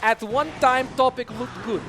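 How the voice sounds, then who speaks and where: A high-pitched, hammed-up esports caster, as a man puts it on with a thick mock Russian accent and clipped broken English. Music runs behind the call. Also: moderate pace. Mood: playful. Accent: put-on Russian. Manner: drops articles, broken English for effect.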